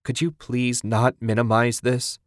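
A male narrator voicing a frightened, insistent wife with a raised, sharp-edged voice in a spoken story. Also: mid-range voice, level tone, measured pace, no echo, studio quality, pitched above the performer's own voice, natural voice.

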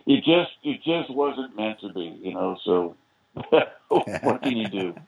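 Heard over a thin, phone-line connection, this older musician from the United States has a lowish, gravelly voice with a sing-song, unhurried delivery. As a podcast guest he wanders through lengthy stories, saying "you know" again and again.

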